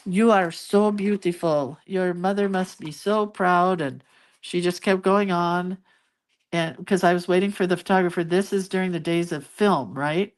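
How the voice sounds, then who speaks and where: Chatty middle-aged woman vlogger, low voice, rambling casual storytelling with asides. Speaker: crafting vlogger.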